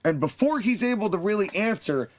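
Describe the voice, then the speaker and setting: Brief: male podcast host, high voice, animated storyteller. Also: fairly quick. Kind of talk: fantasy booking narration and chat.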